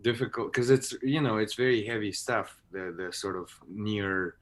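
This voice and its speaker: A man's voice: fairly low pitch, moderate pace. A man chatting as an actor guest on a video-call interview, rambling with many restarts. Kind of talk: casual interview chat.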